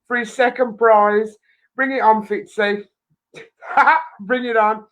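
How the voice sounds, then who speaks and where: A woman's voice: mid-range voice, expressive, slow pace, long pauses, a bit bright, poor audio. A woman hosting a charity live stream, chatting loosely to viewers, rambling and laughing often into her webcam.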